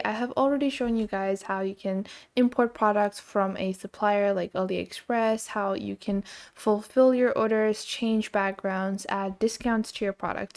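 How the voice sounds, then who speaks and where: Woman, tutorial host, gravelly voice, casual step-by-step walkthrough. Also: medium pitch, darkish tone. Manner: casual step-by-step explaining with filler words. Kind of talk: screen-recorded software tutorial.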